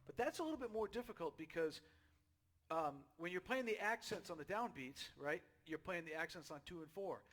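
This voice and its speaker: A man giving a casual drum lesson, chatty and relaxed, checking in with "okay?" and "right?" as he explains. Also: high-pitched, fairly quick. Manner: counts beats aloud loudly while drumming. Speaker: drum teacher. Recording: drum kit playing behind the voice.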